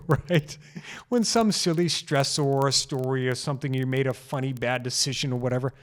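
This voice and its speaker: A man's voice: medium pitch, brisk. A man hosting a solo health podcast, talking into a microphone in an earnest, casual way and repeating key phrases for emphasis. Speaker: chiropractor podcast host.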